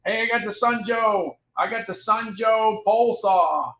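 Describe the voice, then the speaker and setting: A talkative man hosts a relaxed product livestream, repeating himself a lot as he reads off prices and ratings. He speaks in a high, bright, forceful voice at an unhurried pace. The audio is roomy and dull with a lo-fi quality.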